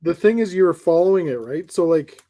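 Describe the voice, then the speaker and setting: A man's voice: on the high side, expressive, a little fast, mellow. A man in a casual stream chat, teasing and joking with friends.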